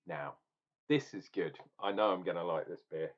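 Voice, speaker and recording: A man's voice: low-pitched, normal speed, dull audio. A man ranting and tasting beer in a casual review vlog, opinionated and swearing now and then.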